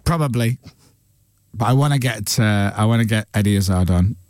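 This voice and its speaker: A man hosting a radio breakfast show, telling stories in a chatty, animated way into a studio microphone. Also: lowish voice, no echo. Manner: chatty storyteller, quick and animated. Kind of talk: casual studio chat.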